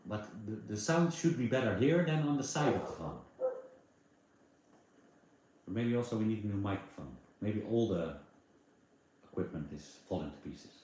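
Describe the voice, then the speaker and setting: A man's voice: fairly low pitch, lively intonation, moderate pace, pauses often, a little mellow. A man hosting a casual livestream, chatting loosely with many fillers and answering viewer comments into a phone microphone. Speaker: livestream host. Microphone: phone with attached microphone. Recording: very echoey room, faint background noise.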